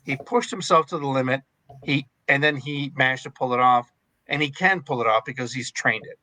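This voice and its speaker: A man's voice: medium pitch, a little fast, bright, forceful tone, rough recording. A man who trains in martial arts, talking in a casual podcast chat, emphatic and repeating points for stress.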